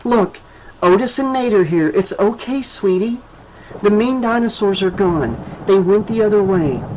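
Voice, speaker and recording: A shaken but tender young woman in an audiobook, raised in pitch and speaking gently and soothingly, as a male narrator puts her on. Her words come slowly and softly, with faint ambience behind. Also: expressive, a little hiss or hum, low-quality recording. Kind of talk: audiobook character voice.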